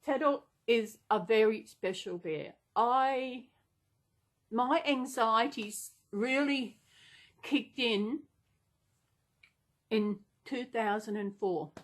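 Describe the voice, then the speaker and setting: A woman talking off the cuff to her vlog audience. Her voice sits a little high, and she rambles and gushes, gasping and restarting her sentences. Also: slow pace, long pauses. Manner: rambling, gushing with many gasps and restarts. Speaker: vlogger. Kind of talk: casual unplanned chat.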